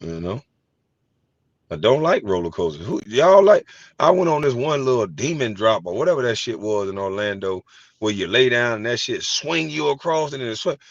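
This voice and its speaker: A middle-aged man hosting a casual chat, telling animated, profane stories and laughing easily. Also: medium pitch, moderate pace, no echo. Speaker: host. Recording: dry, slightly dull sound.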